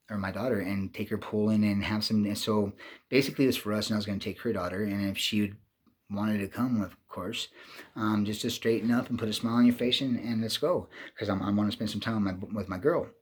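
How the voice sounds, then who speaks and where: A man with a raspy, husky voice tells a personal story in a loose, rambling monologue. He swears freely, repeats words, and restarts his sentences again and again as he gets worked up. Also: fairly low pitch. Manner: profane, agitated, many restarts and repeated words. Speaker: vlogger telling a personal story.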